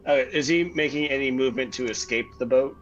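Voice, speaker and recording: A man's voice: mid-range voice, fast, fairly bright tone, a little hiss or hum, poor audio. A man playing a tabletop game, hesitant with many fillers. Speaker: player.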